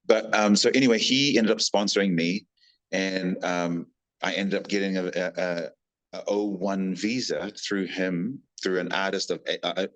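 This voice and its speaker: A man's voice: sits low, measured pace, low-quality recording. A man with a New Zealand accent, a podcast guest telling casual stories and acting out the people in them. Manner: animated, acts out quoted people in lively voices. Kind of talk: casual storytelling.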